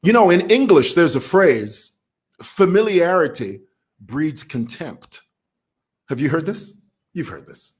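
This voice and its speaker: A man's voice: fairly high pitch, big pitch swings, slow pace. A man from Zambia with a Zambian accent, talking casually to camera as a vlogger who laughs while he talks. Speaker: vlogger commentator.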